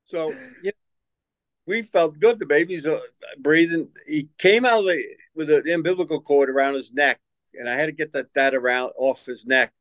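A man's voice: fairly high pitch, moderate pace, a bit bright, dry recording, low-quality recording. An older man, a former basketball coach, telling rambling stories in an interview, repeating himself and acting out what people said. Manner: rambling, repeats words, acts out quoted lines. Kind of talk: storytelling interview answers.

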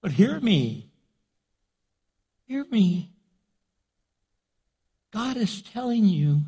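A man pastor preaching a sermon in an animated, jokey way. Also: sits high, slow, long pauses, husky.

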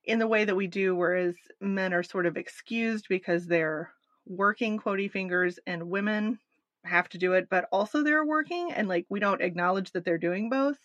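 A woman's voice: medium pitch, normal speed, no room sound, highs cut off. Chatty woman podcast co-host. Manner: animated, recapping a documentary with asides. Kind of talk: casual chat.

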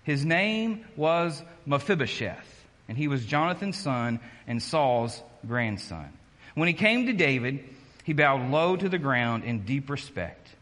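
A man's voice: mid-range voice, big pitch swings, a little slow, a bit bright, in a large hall. A man preaching a conversational sermon, joking at his own expense and restarting his sentences often. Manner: conversational and self-deprecating, with many restarts. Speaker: pastor.

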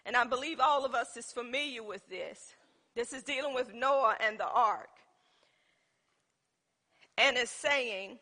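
A woman's voice: on the high side, a little slow, long pauses, pushed and bright. A woman giving an informal Bible teaching, who tells stories from her own life and asks her listeners questions. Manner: tells personal stories as examples.

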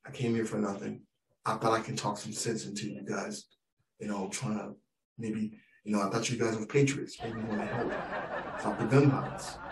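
A man's voice: lowish voice, steady tone, normal speed, slight background noise. A male stand-up comedian telling a story in a conversational, mock-incredulous manner. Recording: roomy live venue from a distance.

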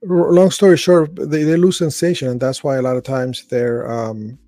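A man's voice: medium pitch, fairly even intonation, normal speed, warm tone, no room sound, soft background music. A middle-aged man hosting, reading cases aloud in a casual commentary style, stumbling and restarting, with offhand asides. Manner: reads aloud with slips and restarts, adds asides. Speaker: host reading and reacting to stories.

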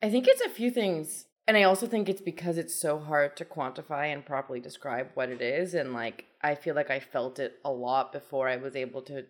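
A woman hosting a podcast in casual chat, thoughtful and quick to laugh. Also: deep voice. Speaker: podcast host.

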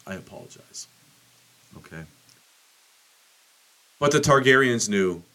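A man's voice: low-pitched, fairly bright tone. Profane ranting male podcast host. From United States. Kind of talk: casual political commentary.

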